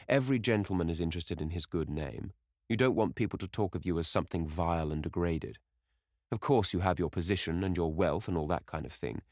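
A man's voice: no room sound, studio quality. A man doing a grave, earnest painter. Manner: grave, earnest, deep-voiced. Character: grave earnest male painter, anxious friend.

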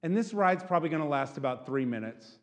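Animated pastor preaching in an echoing hall. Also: male voice, on the high side, fast. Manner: animated, keeps asking "right?". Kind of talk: sermon.

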